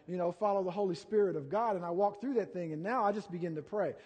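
A middle-aged pastor from Ohio, USA, gives a conversational sermon in a folksy, rambling style full of asides and fillers, talking fast. His voice is high for a man, husky and darkish in tone, and it echoes with a long reverb like a large church sanctuary.

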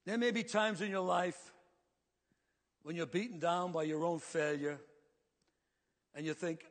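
A man preaching a sermon to his congregation in earnest tones, slowing down to stress his points. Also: on the high side, steady tone, big-room sound. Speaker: pastor.

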